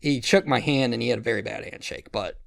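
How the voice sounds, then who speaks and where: A man's voice: medium pitch, quick pace, gravelly, dry recording, clean studio sound. A man hosting a podcast, telling a rambling, profane story with lots of restarts and quoted voices. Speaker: podcast host. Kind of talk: casual storytelling chat.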